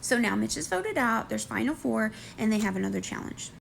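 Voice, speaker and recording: A woman recapping a reality show in a casual vlog, animated and excitable, breaking into high squeals. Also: fairly quick, vocal fry, a little hiss or hum.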